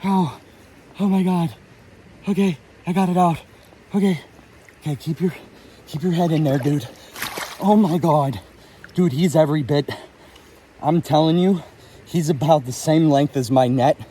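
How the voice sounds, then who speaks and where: A man's voice: fairly high pitch, a little slow, pauses often, dark tone, slight background noise. A man vlogging while fly fishing, out of breath and overwhelmed, talking into a phone while standing in a stream. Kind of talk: emotional outdoor vlog. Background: flowing stream.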